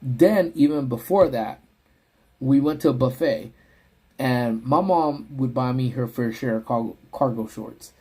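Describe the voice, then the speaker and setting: Husky guy livestreaming from his car, chatty story time, does squeaky voices for people. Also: unhurried. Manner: animated, voices quoted people in high yelps. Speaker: livestream host. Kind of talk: casual storytelling to live chat. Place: parked car.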